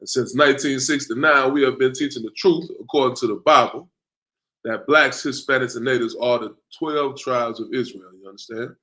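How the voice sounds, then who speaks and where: A man's voice: medium pitch, a little fast, pushed and bright, rough recording. A man hosting an online class in a loose, casual way, often tacking on "man" and "you know what I'm saying". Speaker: class host.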